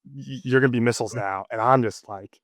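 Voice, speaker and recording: A man's voice: medium pitch, fast, fairly bright tone, no room sound, clean studio sound. A man in his thirties, the guest in an interview, telling a personal story casually with many fillers and restarts. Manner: rambling, lots of fillers and restarts.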